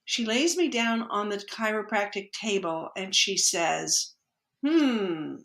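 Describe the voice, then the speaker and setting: Woman, podcast guest, mid-pitched, conversational storytelling, acts out quotes, echoey room. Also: takes it slowly. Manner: lively storyteller who acts out quoted dialogue. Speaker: podcast guest, energy healer.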